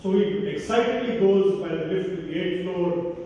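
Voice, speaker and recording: A man tells a story at a celebration in a measured, expressive style, his voice pitched fairly high yet mellow. He is heard from a distance in a large hall with a long echo, and the sound is dull with faint noise behind it. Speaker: speaker at a college Christmas celebration. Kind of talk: storytelling address.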